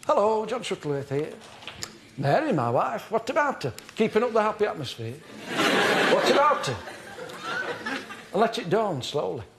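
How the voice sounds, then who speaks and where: An actor playing an earnest, fussy middle-aged amateur acting tutor, delivered deadpan and pedantic on a live TV comedy show. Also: male voice, sits high, moderate pace, noisy background. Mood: earnest instructing. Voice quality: deadpan, pedantic, self-important. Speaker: comedy character performer. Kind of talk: live stand-up character comedy. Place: television studio before a live audience. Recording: live TV studio with audience laughter.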